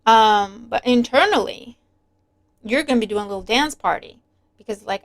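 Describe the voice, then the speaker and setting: A woman's voice: fairly high pitch, normal speed. A woman reading tarot cards to her viewers in a chatty way, often acting out little imagined exchanges and checking in with "right?". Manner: chatty, lots of "right?" and acted-out inner dialogue. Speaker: tarot reader. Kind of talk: casual tarot reading monologue.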